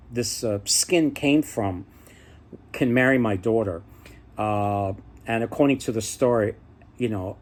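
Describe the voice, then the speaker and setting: A man retells folk tales in a loose, chatty way and stops often to restart his sentences. His voice sits at an ordinary middle pitch. He sounds easygoing and unscripted. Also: a little mellow. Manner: rambling, many fillers and restarts. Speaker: storyteller.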